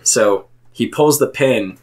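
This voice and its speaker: A man's voice: mid-range voice, slow pace, a little mellow. A man co-hosting a casual podcast chat, telling rambling stories full of "like". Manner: rambling storyteller, lots of "like". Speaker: podcast co-host.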